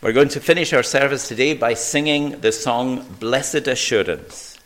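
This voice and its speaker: A man preaching a sermon at a church service, earnest and measured, reading scripture aloud. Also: medium pitch, a bit bright.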